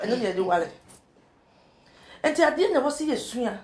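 High-pitched woman guest from Ghana, earnest advice, echoey room. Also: very animated, a little fast. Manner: earnest, advice-giving, quotes scripture. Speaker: talk show guest. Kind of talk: casual studio chat.

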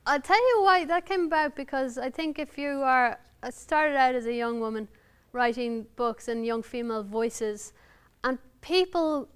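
A woman's voice: high voice, moderate pace, few pauses, smooth. An Irish woman novelist reading her work aloud and then answering audience questions, candid, wry and self-deprecating. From Ireland. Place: university lounge before an audience.

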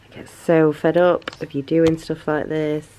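Slow-talking mum, low voice. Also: female voice, flat delivery, noisy background. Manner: chatty, slips into sing-song baby talk. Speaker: vlogger and new mother. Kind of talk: casual home vlog.

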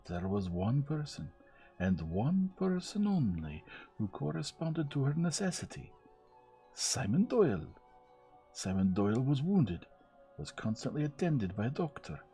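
A man's voice: medium pitch, mellow. A man voicing a fussy, precise older Belgian male detective who lays out his reasoning step by step. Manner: measured, explaining step by step.

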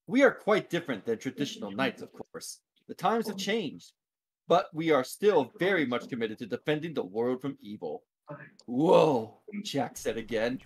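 A man's voice: a little high, slight background noise. A man reading a novel aloud on a casual podcast, with cursing asides.

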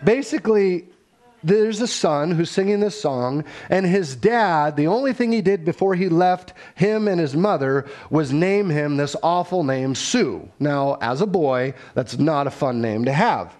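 Male pastor, relaxed sermon delivery, earnest, conversational, good for storytelling. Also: on the high side, measured pace.

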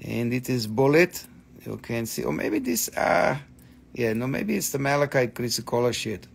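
Gravelly, joking man hosting a live sale. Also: mid-range voice, big pitch swings, moderate pace. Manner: joking, swears casually, repeats himself. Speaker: host selling crystals. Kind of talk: casual live-stream sales chat.

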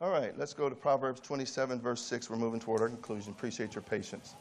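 A man preaching a sermon at a church camp meeting, swinging between high, pleading emphasis and quiet asides. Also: fast, a little hiss or hum.

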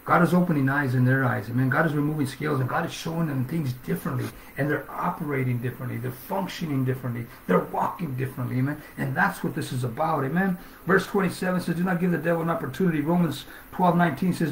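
A man's voice: a little high, fast talker, gravelly, hardly any pauses, slight background noise. A man preaching a sermon with fervent energy, reading scripture aloud and often asking "Amen?". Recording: echoey room.

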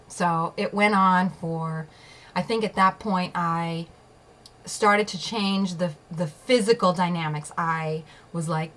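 A woman vlogger shares a personal experience in a slow, steady, lowish voice that's a bit bright. She's emphatic, swears at times, and keeps checking in with "okay?" and "right?", though the recording is rough.

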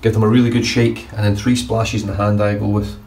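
Speaking a little fast in a lowish, darkish, flat voice, this wet-shaving vlogger reviews a shave casually, bluntly, and with swearing. He's indoors in his bathroom. The mic sits at a distance, catching faint room noise.

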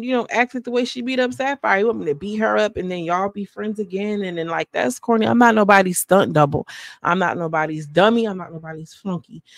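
A woman giving a chatty, sassy recap of a reality show, acting out quotes in high voices. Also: no echo, studio quality. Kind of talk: casual recap commentary.

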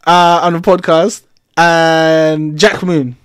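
A man's voice: on the high side, level tone, takes it slowly, clean tone, no room sound. A young man hosting a podcast in casual, playful chat. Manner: playful, laughs often. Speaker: podcast host.

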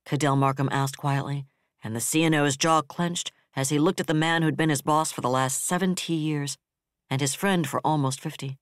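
A man reading a novel aloud in a steady, measured way, mid-pitched and dry, close to the mic with no room sound. The delivery stays even and controlled. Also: dry recording. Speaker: audiobook narrator. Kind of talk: scripted narration.

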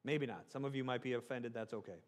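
A fast-talking middle-aged pastor with a medium-pitched voice preaches in a loose, humorous style. "Right?" he keeps asking the room as his conversational sermon rolls on.

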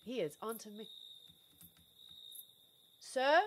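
A woman's voice: medium pitch, measured pace, pauses often, a little hiss or hum. A young woman streaming a game, chatting casually to her viewers and laughing often. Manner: animated, laughs often, talks to chat. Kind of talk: casual gameplay commentary.

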